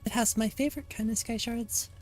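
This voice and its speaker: A woman casually commenting on her gameplay as a streamer, chatty and relaxed, thinking aloud as she plays. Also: on the high side, fairly quick. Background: soft lofi music.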